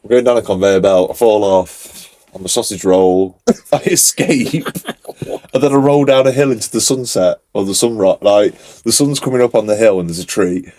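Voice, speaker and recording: A young man co-hosting a podcast, telling stories in an animated, casual way with lots of fillers. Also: fairly low pitch, normal speed. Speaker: podcast co-host. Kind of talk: casual chat.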